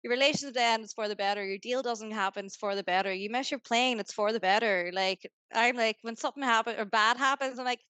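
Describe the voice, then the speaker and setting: A woman's voice: on the high side, bright, forceful tone, clear, resonant tone, no room sound. A Northern Irish woman guesting on a podcast, talking in an upbeat, motivational way with lots of "like"s. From Northern Ireland. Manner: upbeat, motivational, fast rambling with many "like"s. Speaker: guest, business founder. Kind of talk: casual podcast interview.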